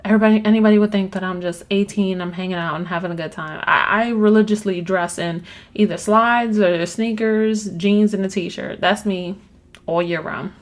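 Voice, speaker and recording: A woman's voice: mid-range voice, fairly even intonation, moderate pace. A woman hosting her own podcast, talking candidly in a rambling personal monologue, swearing casually and trailing off mid-thought. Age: adult with children. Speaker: podcast host.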